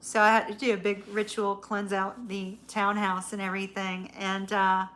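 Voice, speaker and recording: Bright, laughing woman telling a story. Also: mid-range voice, flat delivery, normal speed. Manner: laughs often, swears casually. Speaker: tarot reader, channel host. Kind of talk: casual storytelling chat to live viewers.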